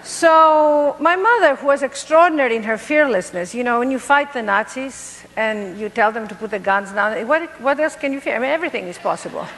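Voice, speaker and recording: A middle-aged woman from Greece with a Greek accent, telling her life story to an audience in an animated, playful way. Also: a little high, a little fast, hardly any pauses, big-room sound. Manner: animated, playful, laughs at herself. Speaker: motivational speaker.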